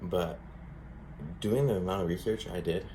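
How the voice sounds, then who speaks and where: A man's voice: deep voice, moderate pace, mellow, slight background noise, low-quality recording. A man speaking casually to camera in a rambling monologue, swearing a lot and using many fillers, earnest and shaken. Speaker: vlogger.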